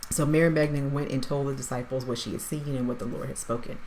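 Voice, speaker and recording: Low-voiced woman leading a casual Bible study. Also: fairly even intonation, quick pace, darkish tone, slight background noise. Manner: conversational, thinks aloud, paraphrases with "like" and "right?".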